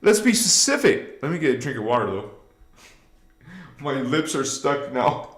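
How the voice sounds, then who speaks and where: A man's voice: medium pitch, big pitch swings, unhurried, a bit bright, reverberant. A man hosting a casual spiritual livestream, exuberant and laughing, chanting affirmations to his viewers. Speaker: livestream host.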